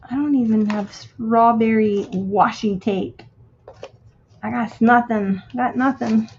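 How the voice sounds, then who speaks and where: A woman chatting casually as she crafts on a stream, thinking out loud and reading quotes slowly. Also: on the high side, steady tone, dull audio, a little hiss or hum. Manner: thinks aloud, muttering to herself; reads quotes slowly and deliberately. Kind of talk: casual craft-along chat.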